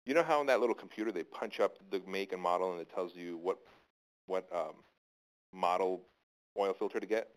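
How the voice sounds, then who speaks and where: Male guest, casual storyteller; slightly low voice, rambling, with frequent restarts. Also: brisk, rough recording. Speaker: interview guest.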